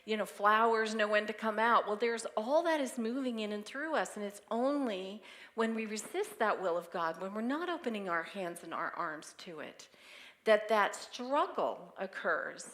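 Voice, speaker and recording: Middle-aged woman minister, sermon delivery, tender and personal, mid-pitched voice. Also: lively intonation, moderate pace. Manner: personal, tender, laughs softly through grief. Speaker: minister giving the Sunday message.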